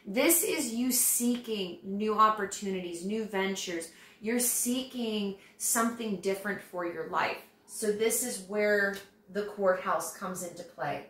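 A woman's voice: medium pitch, measured pace, hardly any pauses, fairly bright tone. A woman giving a tarot reading to her viewers, talking in a chatty, reassuring way. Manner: conversational, reassuring, acts out quoted voices. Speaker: tarot reader. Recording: roomy echo.

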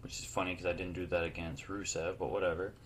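A man giving casual, joking let's play commentary, reacting excitedly to the game and trash-talking his opponent. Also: sits low, fast, background noise. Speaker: gaming YouTuber.

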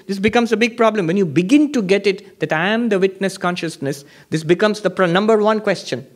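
Male monk lecturer, high-pitched voice, emphatic teaching style with rhetorical questions. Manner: emphatic, repeats points, asks rhetorical questions. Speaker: monk teaching at a meditation retreat. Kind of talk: spiritual lecture. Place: retreat hall before an audience.

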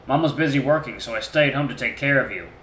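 A man's voice: mid-range voice, animated, fast talker, fairly bright tone, roomy sound, slight background noise, lightly acted, rough recording. A man playing a folksy, proud father. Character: proud warm-hearted middle-aged father.

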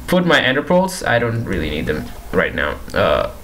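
A man's voice: on the low side, huge pitch swings, normal speed, a bit bright, slight background noise, low-quality recording. A young man giving casual commentary while playing a game, pleading with and teasing the characters on screen and repeating himself in exasperation. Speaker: gaming YouTuber.

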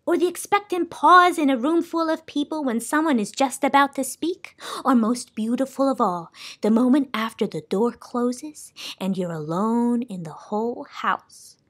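A gentle, chatty keeper of sound, as a woman reader puts her on. She floats up high and soft, lilting and dreamy, a little lonely. A storybook figure from a read-aloud.

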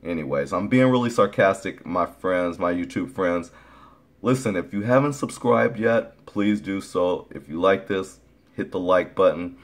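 A man's voice: sits low, unhurried. A man vlogging his opinions straight to his viewers, blunt, sarcastic and full of swearing. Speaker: YouTube vlogger. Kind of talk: casual opinion vlog.

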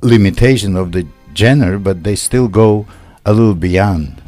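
Older male poet guest, very slow and hesitant, low voice, formal phrasing, faint music behind. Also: dark tone, no echo. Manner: hesitant, many pauses and fillers, formal wording. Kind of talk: radio interview. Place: radio studio.

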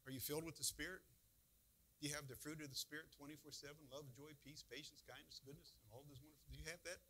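A man's voice: on the high side, steady tone, fast, sharp tone, slight background noise. A man preaching a conversational sermon as a church pastor, full of rhetorical questions.

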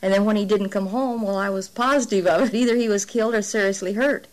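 A woman, a mother, speaking calmly and matter-of-factly in an interview. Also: medium pitch, fast talker, rough recording. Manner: calm, matter-of-fact. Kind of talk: interview testimony.

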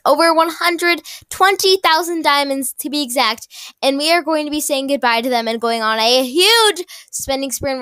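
A young woman chats through her gameplay in a smooth, fairly high voice. She is excitable and gushing, repeating herself and restarting her sentences. The sound is dry and close. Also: no echo. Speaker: gaming YouTuber. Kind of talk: casual gameplay commentary.

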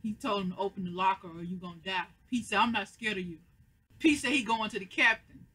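An American recap host talks through a TV episode at home on a webcam mic. The voice is bright and a little husky. Quoted lines get played out with growing emphasis. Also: mid-range voice, fast talker, low-quality recording. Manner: retells scenes, acting out quoted lines with rising emphasis. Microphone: computer webcam mic.

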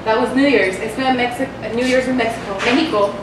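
A young woman doing a stand-up comedy set, chatty and self-mocking, often laughing along with her own punchlines. Her voice sits a little high and carries through a strongly echoing room. It is picked up from some distance, with loud noise around it. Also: fairly even intonation, fairly quick. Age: young adult. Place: small live venue with audience laughter. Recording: echoey, distant, noisy live room recording.

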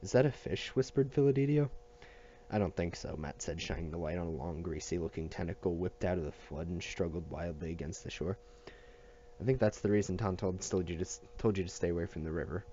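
A man reading a novel aloud at a steady pace, with small restarts and slips. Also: low voice, a little fast, dull audio, a little hiss or hum. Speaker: audiobook reader.

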